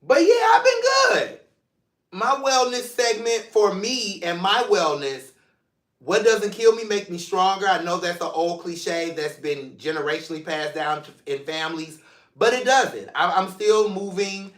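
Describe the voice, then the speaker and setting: A man hosts his own vlog in a loose, playful, affectionate way, speaking straight to his viewers. His voice sits a bit high and sounds vivid and bright. The room around him is noticeably echoey. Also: moderate pace. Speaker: mental health show host. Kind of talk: casual solo vlog talk. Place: seated in a room at home.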